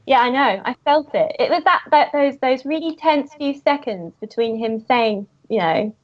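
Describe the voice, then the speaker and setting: A woman's voice: sits high, normal speed. A woman, a guest comic creator, telling casual anecdotes with frequent giggles. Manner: giggly, lively storyteller. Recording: muffled lo-fi audio.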